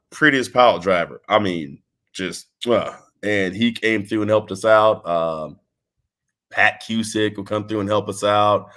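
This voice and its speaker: A man's voice: lowish voice, unhurried, bright, forceful tone. A man from Texas, a wrestler as interview guest, talking in a laid-back, rambling way with restarts and laughs. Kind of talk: casual interview chat.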